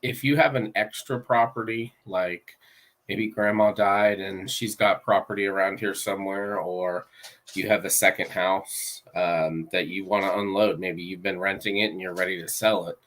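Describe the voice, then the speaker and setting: A man's voice: low voice, fairly even intonation, normal speed, a bit bright. A man talking casually as a real estate agent guest on a podcast, matter-of-fact with some fillers. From Florida.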